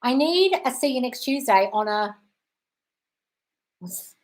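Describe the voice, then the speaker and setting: A woman's voice: high voice, lively intonation, takes it slowly. A woman with an Australian accent hosting a casual live-stream Q&A, reading viewer comments aloud and answering them in a chatty way, swearing freely and calling viewers darling. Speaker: host answering viewer questions.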